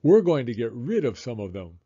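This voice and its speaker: An exasperated, no-nonsense mother speaks firmly, as a man reading a storybook puts her on. The voice is mellow and slightly husky, with a dull, lo-fi sound. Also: mid-range voice, very animated, brisk. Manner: firm, scolding.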